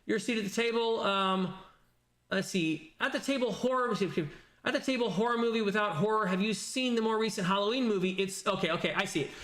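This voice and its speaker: A man talks loosely on a livestream, pausing with fillers as he reacts to comments. His voice sits high and bright. The room around him is echoey. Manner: rambling, thinking aloud with many fillers. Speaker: streamer reading viewer comments. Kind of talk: casual livestream chat.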